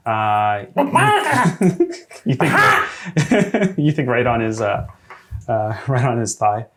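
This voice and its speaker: A man running a tabletop game as game master, hesitant with many fillers and quick to laugh. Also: medium pitch, expressive, a bit bright, slight background noise.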